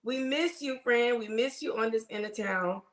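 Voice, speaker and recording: A woman who is a nurse hosts a casual livestream, chatting and greeting viewers by name in a fairly high voice at a moderate pace. She has a cough, and the room gives her voice an echo.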